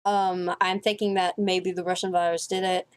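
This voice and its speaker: A woman's voice: on the low side, flat delivery, moderate pace, smooth. A woman vlogger telling a rambling, profane story in a casual monologue, full of swearing, fillers and restarts.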